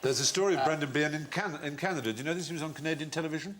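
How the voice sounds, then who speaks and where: A man's voice: a little high, very fast, slight background noise. A man hosting a quiz show, telling comic anecdotes and putting on voices with theatrical flair. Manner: theatrical, plays the voices in his anecdotes with lively swings. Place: television studio with audience.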